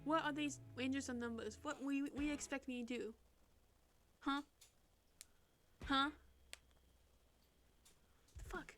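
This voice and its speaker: A woman's voice: high-pitched, steady tone, a little slow, long pauses, a bit bright. A woman streamer casually reading online quiz questions aloud and reacting with laughs and swearing. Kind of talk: casual reading and commentary while taking online quizzes.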